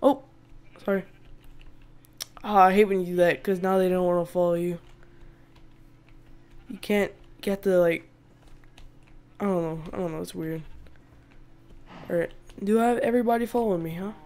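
A woman with a low, steady, slightly mellow voice speaks at normal speed and pauses often. She's a gaming video host doing relaxed, chatty let's-play commentary on a survival game, frequently laughing and snapping in exasperation at the animals.

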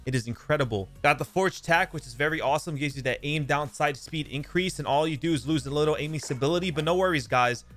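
A young man giving excited, casual commentary over his own shooter gameplay, often exclaiming and swearing at what happens in the match. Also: fairly high pitch, quick pace, hardly any pauses, faint music behind. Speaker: gaming YouTuber.

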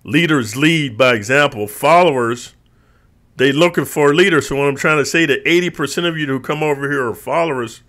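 Bright-voiced man ranting profanely. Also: on the high side, a little fast. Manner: profane, streetwise, says bro a lot; lively, mimics others in quoted voices. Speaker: channel host. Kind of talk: ranting monologue to viewers.

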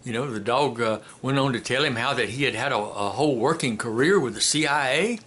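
Folksy, unhurried storytelling man. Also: mid-range voice, a bit bright, slightly rough. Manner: folksy, unhurried, many filler pauses. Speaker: commentator and storyteller. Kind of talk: casual spoken commentary and joke telling.

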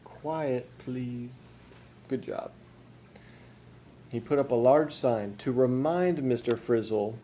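Man, dad, reading a picture book aloud, asks the kids questions, mellow tone. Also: medium pitch, a little hiss or hum. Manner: storytelling, pausing to ask the listener questions. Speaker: father.

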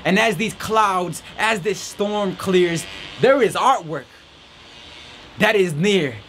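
A man's voice: sits high, slow, fairly bright tone, a little hiss or hum. A man hosting a podcast, giving an earnest, encouraging faith-based motivational talk while standing outdoors in a rainstorm. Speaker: podcast host.

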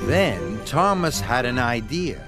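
A man narrating a children's story in an expressive, measured storytelling manner. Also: medium pitch. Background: background music.

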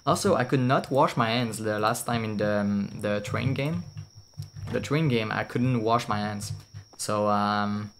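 A man's voice: fairly low pitch, unhurried, a little hiss or hum. Swearing, giggly male streamer. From France. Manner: blunt and swearing, laughs often. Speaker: VTuber streamer. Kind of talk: casual gameplay commentary.

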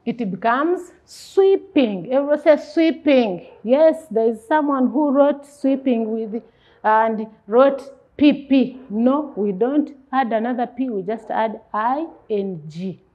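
Slow sing-song woman teacher, lo-fi. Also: on the high side. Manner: slow, sing-song teacher talk, asks and answers her own questions. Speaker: primary school English teacher. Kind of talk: classroom lesson. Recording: dull lo-fi recording.

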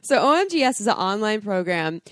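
A woman's voice: mid-range voice, sing-song, a little fast, no room sound, studio quality. A woman co-hosting a casual podcast, talking frankly and enthusiastically and laughing often. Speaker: podcast co-host.

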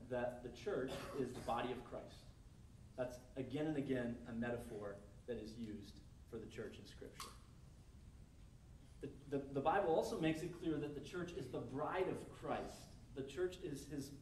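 A man's voice: mid-range voice, moderate pace, a little mellow, a little hiss or hum. Man preaching in an echoey hall. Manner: conversational, acts out quoted scenarios. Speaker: pastor. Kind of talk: sermon. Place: church service hall. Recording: echoey room miked from a distance.

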